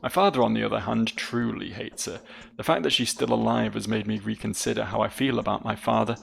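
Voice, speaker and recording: An anxious, suspicious young nobleman from a video game, read aloud by a man. The voice is heavily gravelly. Lines run earnest and dramatic, with high lifts on worried questions. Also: fairly even intonation, brisk, heavily acted. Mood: brooding.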